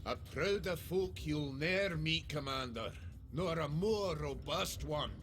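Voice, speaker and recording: An actor playing a proud, jovial, boastful dwarf lord in a video game, speaking with a Scottish accent in a gravelly voice. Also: male voice, a little high, slow, fairly bright tone, faint music behind. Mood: hearty.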